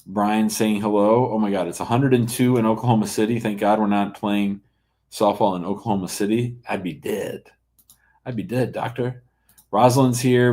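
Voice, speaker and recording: A man's voice: lowish voice, darkish tone. A middle-aged man hosting a live call-in show as an immigration lawyer, blunt and joking as he reads out viewer comments. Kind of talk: casual live-stream chat.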